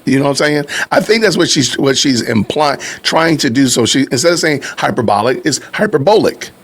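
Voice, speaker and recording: A man's voice: medium pitch, expressive, a little fast, breathy edge. A man hosting a podcast, reacting to clips in casual, conversational commentary that often turns to his viewers. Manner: conversational, repeats himself, addresses viewers.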